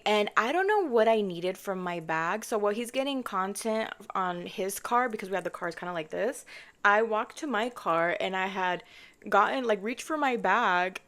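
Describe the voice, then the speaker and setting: A young woman tells a story to her viewers in a loose, chatty way, full of fillers and side remarks. She acts out what everyone said without changing her voice much, and her pitch sits in an ordinary middle range. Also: fairly bright tone. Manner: acts out quoted lines in her own voice. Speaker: car content creator telling a story. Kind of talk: casual storytime.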